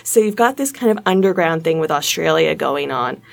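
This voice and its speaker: A woman's voice: deep voice, animated, moderate pace, gravelly. A woman from Canada, co-hosting a podcast and talking through film history in an analytical way, with mocking asides. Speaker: podcast co-host. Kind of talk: casual film discussion.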